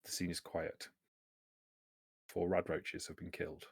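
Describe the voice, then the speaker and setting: A man narrating as game master of a tabletop game, relaxed and halting, with many fillers. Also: deep voice, creaky, dry recording, studio quality.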